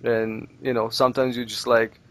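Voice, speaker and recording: A man's voice: medium pitch, level tone, normal speed. A man whose first language is Russian, chatting casually on a podcast as a guest, rambling and repeating words as he talks. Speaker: let's play creator, guest.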